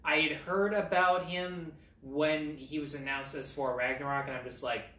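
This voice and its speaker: A man co-hosting a casual movie podcast, relaxed and swearing casually as he chats. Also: a little high, normal speed. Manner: laid-back, swears casually. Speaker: podcast co-host. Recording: echoey room, distant mic, faint noise.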